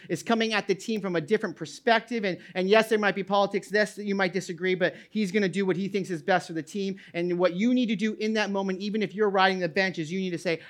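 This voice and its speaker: Reading scripture aloud, a middle-aged pastor booms out; the rest of his animated sermon is full of repeated words and restarts.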